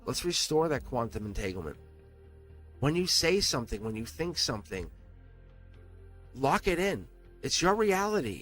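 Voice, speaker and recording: This tarot reader on a live stream has a rather high, slightly bright voice. Earnest and encouraging toward his viewers, he tends to repeat words and start sentences over, with the occasional swear word.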